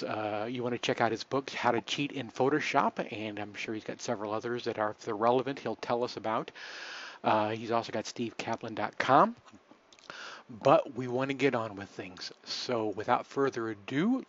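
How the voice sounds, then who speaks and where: A man hosting a live webcast, talking in a relaxed, chatty way with many fillers and restarts. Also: mid-range voice, normal speed, dull audio. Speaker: host.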